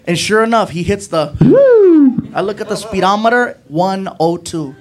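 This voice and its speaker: High-voiced storytelling comic, man. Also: moderate pace. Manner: acts out characters, shouts and squeals for effect. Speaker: stand-up comedian. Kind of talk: stand-up storytelling.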